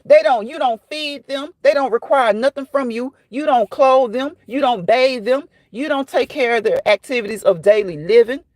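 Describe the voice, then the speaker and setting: A woman's voice: high voice, normal speed, few pauses, darkish tone, no echo. A woman hosting a casual livestream, chatting and fussing while she answers viewers by name. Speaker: livestream host reading chat.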